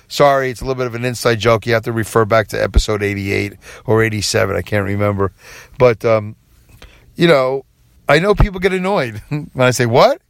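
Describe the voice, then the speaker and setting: Man, podcast host, forties, self-deprecating, chuckling, mid-pitched, dry close sound. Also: clean tone, no echo. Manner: self-deprecating, chuckles often, animated when quoting himself. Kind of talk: rambling solo podcast monologue.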